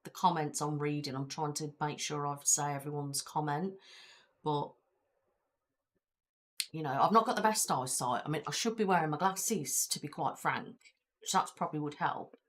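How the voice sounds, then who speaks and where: A woman's voice: low voice, moderate pace. A woman with a British accent, hosting a casual live-stream chat, rambling and reading viewer comments aloud from her chair at home. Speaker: ASMR channel host.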